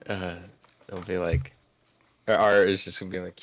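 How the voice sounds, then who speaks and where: A man's voice: low-pitched, level tone, a little fast, fairly bright tone, no room sound. A man playing a tabletop game, laid-back and easygoing, describing what his character says and does. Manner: laid-back, laughs often. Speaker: player. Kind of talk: tabletop game play, casual chat.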